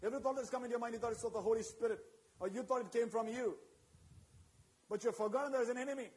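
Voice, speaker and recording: A man's voice: very high voice, racing, a little mellow, low-quality recording. A man preaching a sermon with emphatic, repetitive phrasing and call-and-response asides to his congregation.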